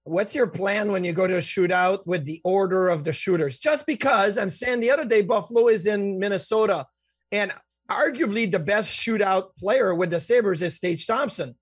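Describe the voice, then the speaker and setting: A man co-hosting a hockey podcast, firing off quick, chatty questions. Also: high voice, breathy edge, no echo. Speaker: podcast co-host. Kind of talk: podcast interview.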